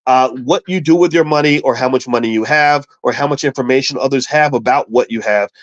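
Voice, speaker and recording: A man from Kentucky telling a travel story as a finance show host, animated and stumbling over restarts, acting out what people said. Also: medium pitch, brisk, no echo. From Louisville, Kentucky. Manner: animated, repeats words and restarts, acts out quotes. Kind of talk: casual storytelling with money advice. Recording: dull, slightly lo-fi dry sound.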